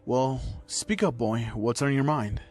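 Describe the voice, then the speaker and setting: A man's voice: medium pitch, measured pace, faint music behind, natural voice. A man voicing a caring adult male hero and mentor who speaks firmly. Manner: firm, warm-hearted.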